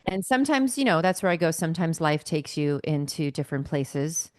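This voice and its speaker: A woman in her late forties from Northern California talks as a podcast guest, a chatty and animated storyteller. Her voice sits a little low for a woman. It comes over a computer call with a dry, close sound. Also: fairly quick, no room sound. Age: late 40s. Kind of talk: casual conversation.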